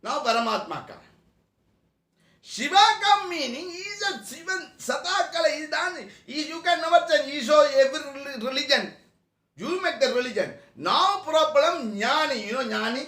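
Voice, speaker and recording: High-voiced man preaching. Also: lively intonation, normal speed, pushed and bright, roomy sound. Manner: broken English, rhetorical questions to the audience. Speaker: spiritual teacher. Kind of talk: spiritual discourse to a class. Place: meeting room.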